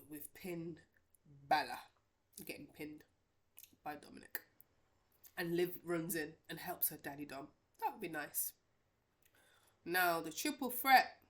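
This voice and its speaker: A woman's voice: fairly low pitch, fairly bright tone. A woman vlogger giving casual, opinionated wrestling predictions, rambling with many restarts and fillers.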